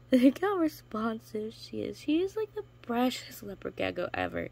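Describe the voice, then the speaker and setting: A woman's voice: big pitch swings, normal speed, vocal fry, few pauses, a little mellow. Chatty woman vlogging among her reptiles. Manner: chatty, switches to high baby talk with her pets. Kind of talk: casual vlog talk to camera. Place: indoors in a room full of reptile enclosures.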